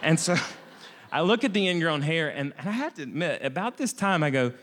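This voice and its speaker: An American man telling a self-mocking travel anecdote in a lively way, often restarting his sentences. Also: on the high side, a little fast, long reverb tail. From United States. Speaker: storyteller. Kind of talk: comic personal travel anecdote.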